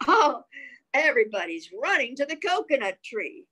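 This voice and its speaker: Slow sing-song woman reading to kids. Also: high voice, big pitch swings, sharp tone, husky, rough recording. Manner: slow sing-song reading, stops to ask the listening children questions. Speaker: children's storyteller. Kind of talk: reading a picture book aloud to young children.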